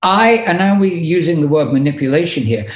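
A man's voice: fairly high pitch, lively intonation, roomy sound. A man with an English accent, a podcast guest telling candid stories in casual chat. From England. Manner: candid, quick storytelling with laughs. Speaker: guest, tour manager.

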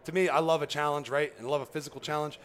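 A man who talks fast and tells his story in a loose, rambling way, peppering it with "right?" and "you know". He acts out the lines of other people as he goes, with faint background noise under his voice. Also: on the high side. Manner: animated, acts out quoted dialogue. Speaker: guest. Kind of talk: casual storytelling on a podcast.

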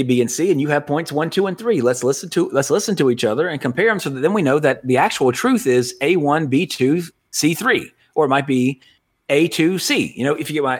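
A man's voice: on the high side, breathy edge. Rambling man hosting a podcast. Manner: rambling, self-correcting, laughs often. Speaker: podcast host. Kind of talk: casual podcast chat.

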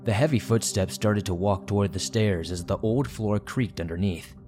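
Male horror narrator, lowish voice, steady scripted reading, faint music under. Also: normal speed.

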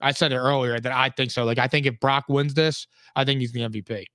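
A man's voice: mid-range voice, fairly even intonation, quick pace, a bit bright, no echo. A man co-hosting a casual sports podcast, chatty and rambling as he talks through football games and bets. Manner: chatty, rambling, easily laughing. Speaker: podcast co-host.

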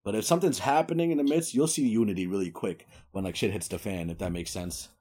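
A man's voice: on the low side, fast talker, dark tone, husky. A young man with a New York accent, chatting casually as an interview guest, slangy and laid-back with many fillers. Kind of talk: casual chat.

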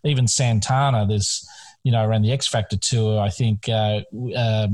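A man's voice: on the low side, steady tone, moderate pace, darkish tone. A man hosting a casual chat, prompting his guest with questions. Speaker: host.

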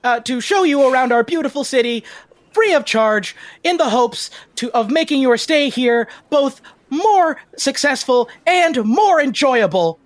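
A man's voice: very high voice, lively intonation, a little slow, dry recording, voice pushed up. A man doing a jittery, eager spirit tour guide. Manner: eager, formal, overly polite. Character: nervous sweaty male ancestor spirit tour guide, eager.

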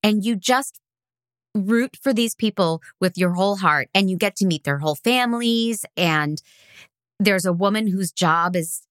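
A woman's voice: medium pitch, measured pace, no echo, clean studio sound. Earnest gushing woman podcast co-host. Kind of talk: casual chat.

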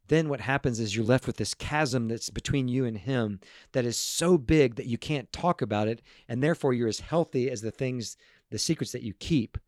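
A man's voice: medium pitch, moderate pace, dry recording, clean studio sound. Earnest man telling stories, stumbling over words. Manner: earnest, animated, with stumbling repeated restarts. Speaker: guest speaker on parenting and emotions. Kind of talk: casual storytelling talk to a group.

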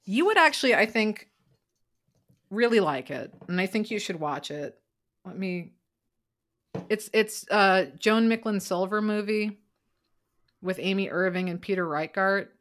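A woman hosting a casual podcast chat, rambling with fillers and bursting into loud quoted lines. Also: medium pitch, animated, a little slow, long pauses. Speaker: podcast host.

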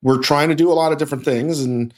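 A man hosting a podcast, talking in a halting, emotional way with many restarts. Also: on the high side, fairly even intonation, a little mellow. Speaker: podcast host. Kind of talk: casual podcast talk. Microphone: teleconference recording.

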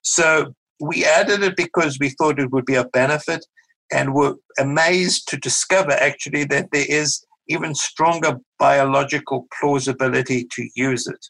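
A middle-aged man with a South African accent, a physician guest explaining medical ideas in a measured, patient way on a podcast interview. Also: fairly high pitch, vocal fry, pushed and bright, low-quality recording. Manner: measured, explanatory, with small restarts.

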